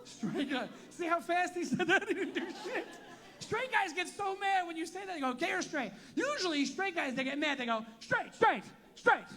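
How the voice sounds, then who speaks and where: A man's voice: very high voice, animated, normal speed, pushed and bright. A man doing profane stand-up crowd work, teasing audience members in a tent venue. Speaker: stand-up comedian.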